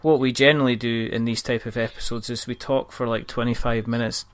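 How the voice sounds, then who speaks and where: A man's voice: medium pitch, flat delivery, brisk. A man hosting a casual podcast interview, teasing his guests and laughing often. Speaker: podcast host.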